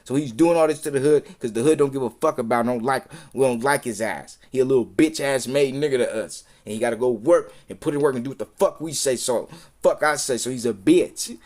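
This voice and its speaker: A man on a live stream, talking in a heated, profane, rambling rant that circles back and repeats itself, sometimes dropping to a low mutter. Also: fairly quick, darkish tone.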